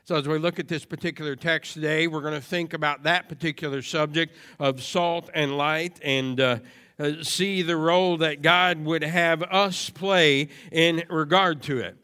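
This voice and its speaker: A man preaching a sermon to a congregation, moving from steady teaching into loud, emphatic repetition. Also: fairly high pitch, normal speed, clean tone. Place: church service before a congregation.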